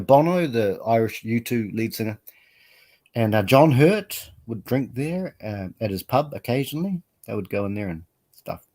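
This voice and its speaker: A man's voice: on the low side, darkish tone. A man hosting a live stream, chatting casually in a rambling, self-deprecating way and laughing often. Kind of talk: casual chat.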